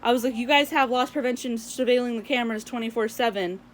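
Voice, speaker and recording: A young woman vlogger ranting to camera, telling a story in an animated way and acting out the dialogue. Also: a little high, fast talker, slight background noise. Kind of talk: casual venting rant to camera.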